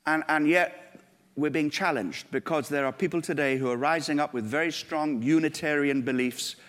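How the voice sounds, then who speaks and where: A man's voice: on the high side, normal speed, a bit bright. A man preaching a sermon in a church, earnest and building to emphatic peaks. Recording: long hall reverb.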